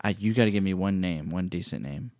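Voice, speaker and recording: A man's voice: sits low, fast, a little mellow, no room sound. A man co-hosting a podcast, bantering casually and teasing his partner in a playful way. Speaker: podcast co-host. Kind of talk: casual chat.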